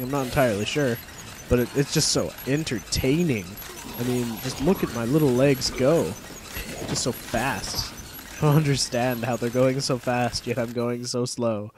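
A man's voice: medium pitch, background noise. A young man giving casual, rambling let's-play commentary, swearing freely and getting easily annoyed with the game. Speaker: gameplay commentator.

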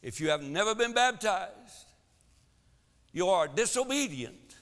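Emphatic preacher in a church. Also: male voice, high voice, animated, measured pace, in a large hall. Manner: emphatic preaching, swinging between loud exhortation and quiet asides. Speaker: pastor. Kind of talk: sermon. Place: church sanctuary.

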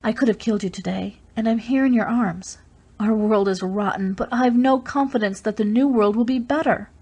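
A woman's voice: a little high, moderate pace, dark tone, breathy edge. Woman voicing lilting, proud, despairing young woman. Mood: impassioned despair. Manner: impassioned, bitter, trembling. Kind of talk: audiobook character reading.

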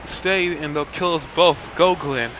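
A man's voice: fairly high pitch, unhurried, background noise, natural voice. A man voicing a noble, self-sacrificing male knight, reading his lines solemnly.

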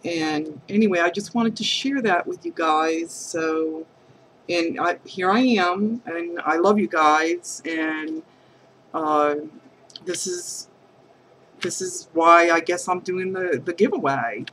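A woman crafting vlogger talking heartfelt to camera, hesitant and halting, earnest and emotional. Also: lowish voice, fairly bright tone, a little hiss or hum, poor audio. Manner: emotional, affectionate.

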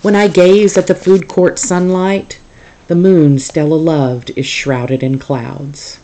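A teacher reading a novel aloud to a class in a calm, steady storytelling manner. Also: mid-range voice, slow pace, a little hiss or hum.

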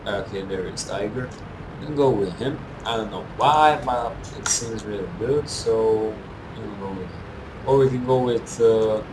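A man's voice: fairly low pitch, reverberant, noisy background. A young man giving rambling, teasing gameplay commentary with non-native phrasing. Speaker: gamer.

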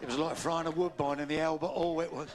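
A man's voice: on the high side, level tone, quick pace, over a noisy crowd. A man, doing a stand-up comedy routine on a theatre stage and telling long joke stories. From England. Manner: gravelly voice, puts on voices for the characters in his stories. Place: live theatre stage with an audience. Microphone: stage microphone. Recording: noisy early 1990s live show tape.

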